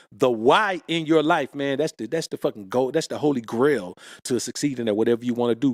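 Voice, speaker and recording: Birmingham man, Southern accent, motivational co-host, mid-pitched, dead-dry mic. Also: no echo. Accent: Southern US, Alabama. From Birmingham, Alabama. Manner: motivational, says bruh and man often. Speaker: podcast co-host. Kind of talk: casual chat.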